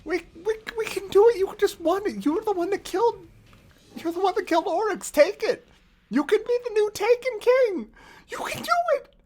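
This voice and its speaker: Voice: very high voice, lively intonation, moderate pace, a little mellow, pitched above the performer's own voice. A streamer voicing a disembodied male schemer who squeals with manic glee and then screams and swears in fury. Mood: manic encouragement. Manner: screeching, swearing, near-squealing. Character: frantic disembodied male schemer, shrieking and gleeful then furious.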